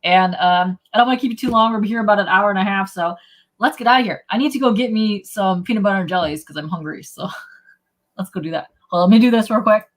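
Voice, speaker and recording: A woman's voice: medium pitch, fast talker. A woman hosting a casual livestream chat, upbeat and joking as she talks with her guest. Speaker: livestream podcast host.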